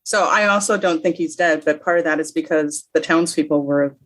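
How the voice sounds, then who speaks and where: A woman in casual chat, dropping quick wry remarks. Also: deep voice, a bit bright. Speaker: podcast guest. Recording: busy crowd chatter behind.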